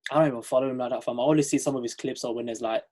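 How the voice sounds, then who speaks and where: Husky-voiced young man, laid-back. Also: mid-range voice, fairly even intonation, rapid-fire, mellow. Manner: laid-back, laughs often, slang-heavy. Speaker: podcast co-host. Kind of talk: casual chat.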